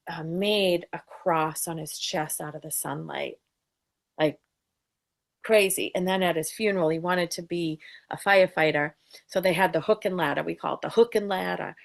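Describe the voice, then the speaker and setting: A woman's voice: lowish voice, gravelly. A woman in casual chat, telling a story and acting out the people she quotes. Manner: storytelling, acts out quoted voices. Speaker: co-host.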